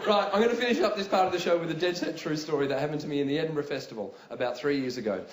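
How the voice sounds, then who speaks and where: A man doing stand-up comedy, telling a story in an animated, conversational way. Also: on the high side, rapid-fire, a little hiss or hum. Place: theatre stage. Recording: echoey live theatre with audience.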